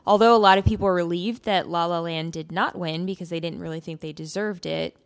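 A woman's voice: fairly low pitch, fairly even intonation, a little fast, creaky. A woman co-hosting a casual chat, narrating events in step-by-step detail. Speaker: podcast co-host.

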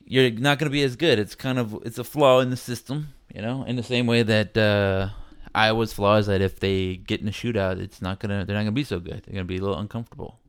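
Low-voiced man in casual sports talk. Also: fast talker, smooth, no room sound, clean studio sound. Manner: rambling, animated, acts out quotes. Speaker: podcast host.

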